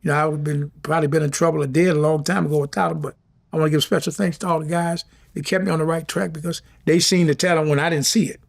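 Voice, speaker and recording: A man's voice: on the high side, fairly even intonation, quick pace, vocal fry. A middle-aged man, talking casually and from the heart as an interview guest, often repeating himself. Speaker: former boxing champion, guest.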